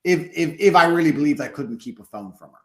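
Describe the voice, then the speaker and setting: A man as a podcast guest in casual conversation, blunt, profane and boastful, slowing down to stress points. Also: a little high, expressive.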